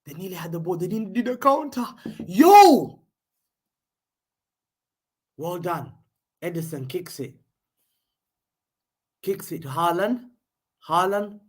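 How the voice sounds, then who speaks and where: A man hosting a live football watchalong, calling the play and chatting, excitable and slangy, repeating himself as the action unfolds. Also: high voice, a little slow, pauses often, slightly rough. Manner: excitable, slangy, repeats phrases, jumps between play-by-play and chat. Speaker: fan host of a live match watchalong.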